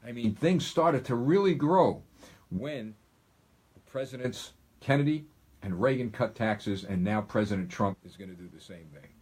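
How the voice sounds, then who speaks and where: A man's voice: medium pitch, moderate pace, darkish tone, slightly rough. A middle-aged man hosting a political live stream, talking emphatically and repeating points to his listeners. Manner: emphatic, repetitive, addresses listeners as folks. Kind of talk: political commentary monologue.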